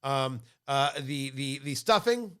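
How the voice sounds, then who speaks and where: Animated, lively-voiced man chatting. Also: mid-range voice, slow, clear, resonant tone. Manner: animated, enthusiastic storytelling with playful outbursts. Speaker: co-host. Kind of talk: casual podcast chat.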